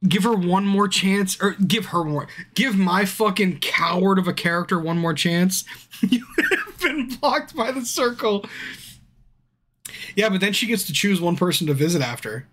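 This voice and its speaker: A drunk man streaming a game, chatting casually, swearing constantly and bursting into yells at the screen. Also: high voice, lively intonation, measured pace. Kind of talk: casual livestream commentary. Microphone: streaming mic.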